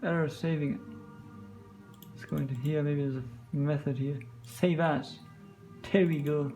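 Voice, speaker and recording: A man hosting a casual software tutorial, muttering to himself and joking as he gets frustrated. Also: on the high side, steady tone, normal speed, long pauses, soft background music. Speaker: tutorial host.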